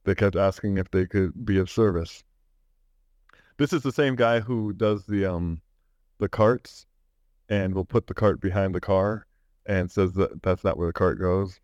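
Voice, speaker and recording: A man's voice: low-pitched, unhurried, a little mellow, no echo. A man co-hosting a podcast, telling stories in a rambling way and laughing as he goes. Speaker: podcast co-host. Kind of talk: casual chat.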